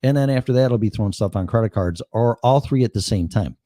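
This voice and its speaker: A man's voice: lowish voice, quick pace, mellow, no echo, clean studio sound. Blunt older man with a Chicago accent. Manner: blunt, profane and rambling. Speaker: show host. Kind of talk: casual live-stream monologue.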